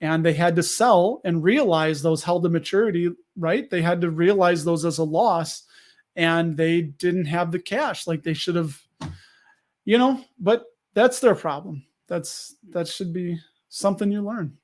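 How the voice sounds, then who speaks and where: High-voiced man hosting a live stream. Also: a little slow. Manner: rambling, restarts sentences, answers viewers. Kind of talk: casual live stream chat.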